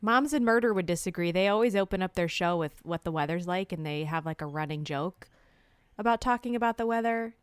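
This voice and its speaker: A woman co-hosting a casual podcast chat, chatty and quick to laugh, telling animated anecdotes. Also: fairly low pitch, clear, resonant tone, no echo, clean studio sound. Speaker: podcast co-host.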